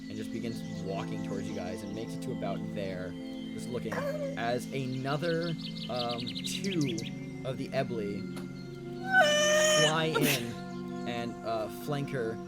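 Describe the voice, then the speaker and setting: A man's voice: medium pitch, measured pace, over loud music. A man narrating a tabletop game as game master, hesitant and full of "like" and "um".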